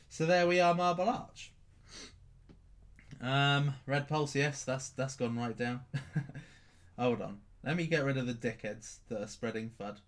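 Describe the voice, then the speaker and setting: A man's voice: medium pitch, sharp tone. Rambling man on a livestream. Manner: rambling, repeats himself, swears casually. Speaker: crypto livestream host. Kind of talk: casual live-stream commentary reading chat.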